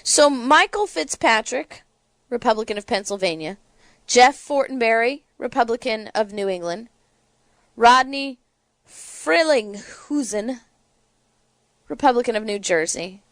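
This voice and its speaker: A woman's voice: on the high side, lively intonation, a little slow, long pauses, no echo. A woman hosting a political talk show, delivering sarcastic, indignant commentary.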